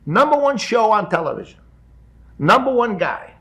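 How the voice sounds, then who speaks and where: A man in his fifties, a guest in a studio interview, telling a story with animated energy and acting out the people in it. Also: sits high, moderate pace. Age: 50s.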